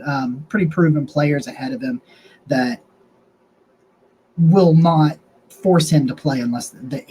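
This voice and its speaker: Casual sports host, dark mellow voice. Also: male voice, on the high side, slight background noise, rough recording. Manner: loose, rambling, frequent restarts and fillers. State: has the hiccups. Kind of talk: casual sports analysis monologue.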